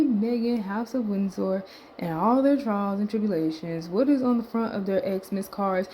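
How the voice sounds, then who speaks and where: A woman of middling pitch reads tweets aloud for her vlog and comments between them. She talks loosely, trailing off, muttering and swearing under her breath, and sounds a little winded. A faint background hiss sits under her voice. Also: dark tone, poor audio. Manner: laid-back, muttering asides and swear words, trailing off. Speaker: vlogger reading tweets aloud. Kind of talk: casual commentary reading tweets.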